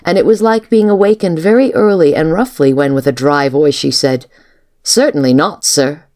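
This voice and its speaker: A woman narrating a storybook in a measured, even reading style. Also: sits low. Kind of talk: audiobook narration.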